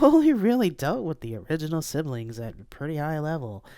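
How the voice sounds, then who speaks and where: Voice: mid-range voice, a little mellow, dry recording, studio quality, pitched above the performer's own voice, lightly acted. The reader voicing a tipsy, blunt young woman who teases her old friend in a live-read audiobook. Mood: earnest.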